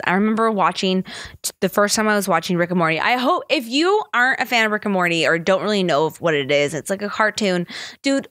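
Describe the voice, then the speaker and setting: A woman's voice: lowish voice, a bit bright, no room sound, studio quality. A woman hosting a podcast in a casual, rambling chat, often breaking into laughter. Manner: rambling, chatty, laughs easily. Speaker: podcast host.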